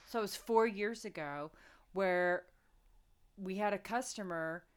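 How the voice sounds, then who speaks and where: A woman's voice: mid-range voice, a little slow, clean tone. A woman co-hosting a casual podcast, telling stories with lots of laughter and swearing. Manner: animated storyteller, laughs often, swears. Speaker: podcast co-host, shop worker. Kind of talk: casual chat.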